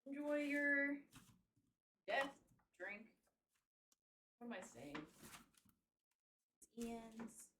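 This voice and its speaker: A young woman with a fairly high voice, chatting loosely with her stream viewers. She swears freely and laughs often. She sits back from the mic in a room with a lot of echo. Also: animated, very slow, long pauses, fairly bright tone, far from the mic, slight background noise. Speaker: livestreamer. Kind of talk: casual live-stream chat.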